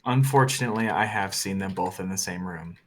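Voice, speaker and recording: A man's voice: low voice, brisk, slight background noise. A man in casual chat who makes dry, joking remarks.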